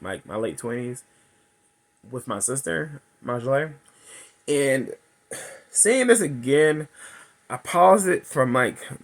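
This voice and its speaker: A man in his thirties giving a chatty, laughing movie recap and review, acting out characters' lines in a high voice. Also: a bit bright.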